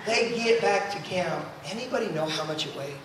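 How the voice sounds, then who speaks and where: High, bright preacher in echoing hall. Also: male voice, very noisy. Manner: animated, acts out quoted voices, quick asides. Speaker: traveling youth preacher. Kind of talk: storytelling sermon. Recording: echoey hall, mic at a distance.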